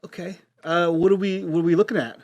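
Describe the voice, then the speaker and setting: A man's voice: high voice, fairly even intonation, quick pace, a little mellow, no echo, highs cut off. A man playing his character in a tabletop role-play, joking and rambling with many restarts. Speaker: player.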